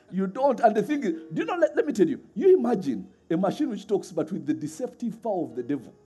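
A middle-aged man preaching a sermon in a lively way, laughing often and acting out voices as he tells stories. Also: high voice, fast talker, slightly rough, faint music behind.

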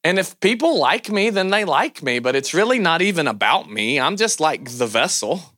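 A man with a Southern American accent preaching a sermon as a pastor, loud, animated and self-deprecating. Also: a little high, normal speed.

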